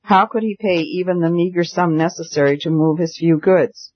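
A man reading a novel aloud in a steady, earnest manner. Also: fairly high pitch, normal speed, no room sound. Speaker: audiobook narrator. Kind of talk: scripted narration. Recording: dull dry recording.

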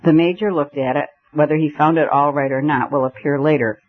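A man's voice: on the high side, steady tone, brisk. Man narrating a story over a tinny line. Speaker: audiobook narrator. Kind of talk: scripted narration. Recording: tinny phone-like band, dry.

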